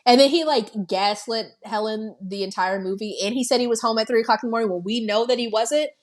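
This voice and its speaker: A woman with a slightly high voice, co-hosting a podcast and walking listeners through a film plot. She talks casually, swears freely and slips into the characters' voices to act out their lines. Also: fast. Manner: animated storytelling, swearing, acting out characters' lines. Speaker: podcast co-host. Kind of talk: casual movie recap chat.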